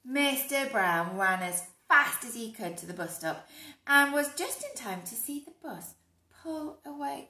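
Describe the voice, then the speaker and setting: A woman reading a picture book aloud to children, animated, with hushed whispered asides to her young listeners. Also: a little high, unhurried. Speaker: storyteller. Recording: echoey room.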